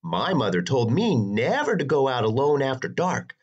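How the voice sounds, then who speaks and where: Shrill, bratty young princess. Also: male voice, sing-song, moderate pace, slightly rough, dull audio. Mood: indignant. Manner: shrill, whiny, screaming outbursts. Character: spoiled, bratty young princess, shrieking and furious.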